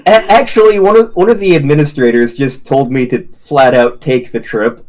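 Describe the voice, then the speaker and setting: A man co-hosting a game stream, wrapping up in casual chat, rambling and halting with frequent restarts. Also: medium pitch, darkish tone. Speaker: streamer co-host.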